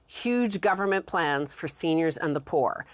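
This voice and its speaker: A woman co-hosting a talk show, reading news quotes aloud and explaining them in a measured way. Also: low-pitched, lively intonation, no room sound. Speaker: co-host.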